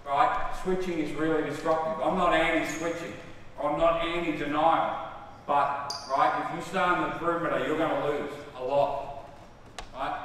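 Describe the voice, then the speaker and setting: Australian male basketball coach, higher voice, barking cues and praise, boomy far-off gym sound. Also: fairly bright tone, a little hiss or hum. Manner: directive, calls short cues and praise to players. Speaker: basketball coach running a clinic. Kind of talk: on-court coaching demonstration. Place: large indoor gym. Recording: echoey gym heard from far off.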